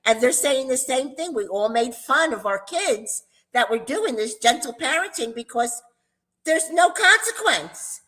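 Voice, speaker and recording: An older woman co-hosting a casual chat, telling animated stories and laughing often. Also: sits high, a little slow, low-quality recording. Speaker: co-host.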